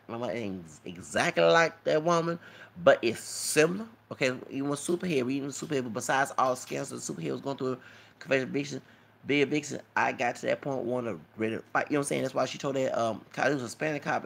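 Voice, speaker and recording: A man with a gravelly, creaky voice at a middling pitch, rambling through a commentary vlog. He lectures his viewers and keeps checking in with them, repeating himself as he goes. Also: fairly bright tone. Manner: rambling, repeats himself, frequent "you know what I'm saying" and "okay?". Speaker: YouTube commentator.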